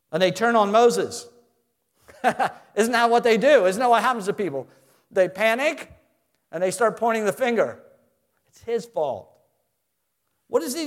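A man preaching a sermon in an animated way, rising loud and then dropping quiet, asking his listeners questions. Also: high voice. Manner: asks the audience questions. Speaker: pastor.

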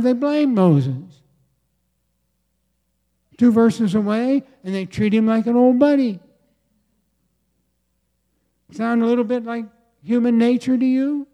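A man preaching a sermon from the United States, slow and deliberate, with emphatic pauses and repetition. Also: very high voice, warm tone. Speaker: pastor.

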